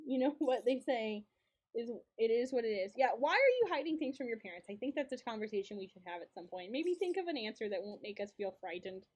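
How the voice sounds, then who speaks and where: A woman's voice: on the high side, lively intonation, fairly quick, darkish tone, slightly rough. A young woman streaming a game and chatting casually, telling a story with frequent laughs and lots of repetition. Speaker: streamer and co-host. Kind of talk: casual storytelling while gaming.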